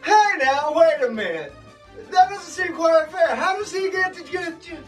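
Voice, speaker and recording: A man's voice: sits high, lively intonation, measured pace, distant mic, soft background music. A man doing a folksy, hesitant bowling alley manager. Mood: protesting. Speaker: game show contestant. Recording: voice from away from the mic.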